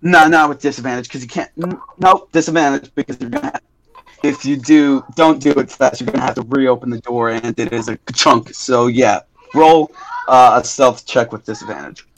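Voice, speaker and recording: A young man narrating a tabletop game as game master, halting with many fillers and restarts. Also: medium pitch, a little hiss or hum, low-quality recording.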